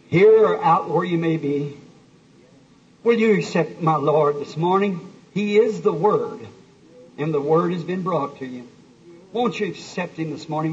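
A man's voice: on the high side, darkish tone, recorded from a distance. A man preaching an altar call to a church crowd, pleading and breaking into a hymn between his appeals. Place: church hall with live audience. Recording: muffled old recording, faint hiss.

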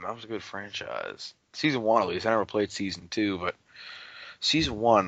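Low-voiced young American man, exclaiming. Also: moderate pace, vocal fry, fairly bright tone, no echo. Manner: exclaiming, joking, playfully crude. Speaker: podcast co-host. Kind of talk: casual chat. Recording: dull, dry home recording.

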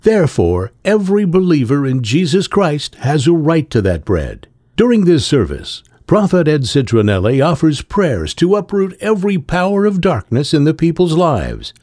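A man giving measured, announcing scripted narration. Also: on the high side, huge pitch swings, a little mellow, no echo, clean studio sound.

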